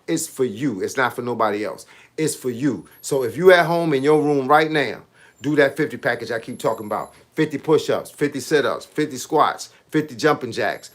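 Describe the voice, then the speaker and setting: A man in his late fifties, a boxing coach hosting a casual livestream, reading comments and giving animated, preachy advice in street slang. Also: mid-range voice. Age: 50s.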